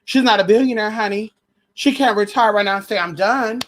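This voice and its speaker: A woman's voice: mid-range voice, a little fast, a little hiss or hum. A woman hosting a live stream, chatting casually about celebrity spirits with a sassy, brash, slangy manner and plenty of swearing. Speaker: livestream host. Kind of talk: casual spiritual gossip chat.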